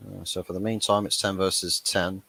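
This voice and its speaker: A man's voice: low-pitched, level tone, fairly quick, gravelly, sharp tone. A young man hosting a fan watchalong, chatting casually through the match and laughing at his own jokes. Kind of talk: live match reaction commentary.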